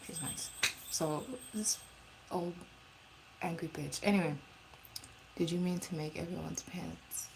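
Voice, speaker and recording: A woman's voice: on the low side, level tone, unhurried, gravelly, long pauses, background noise. A woman telling a storytime in a casual, blunt and profane way, rambling with restarts. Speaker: live streamer.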